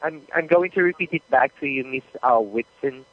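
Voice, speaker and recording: A man taking an order as a customer service supervisor, polite and patient, with hesitant pauses. His voice comes through a thin, narrow phone line that sounds dry and close. His pitch is ordinary for a man. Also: slightly rough, no room sound.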